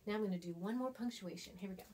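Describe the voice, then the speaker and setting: A woman's voice: mid-range voice, rapid-fire, warm tone, a little hiss or hum. A woman teacher giving a casual, chatty lesson, acting out example texts in different voices while writing on a board. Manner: writes on a board while talking.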